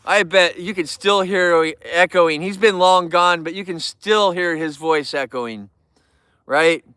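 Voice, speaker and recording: A man's voice: high-pitched, measured pace, pushed and bright, clear, resonant tone, no echo, clean studio sound. Goofy, young-sounding man livestreaming. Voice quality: youthful-sounding. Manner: joking, goofy, chatty. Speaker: livestream host. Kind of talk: casual livestream chat.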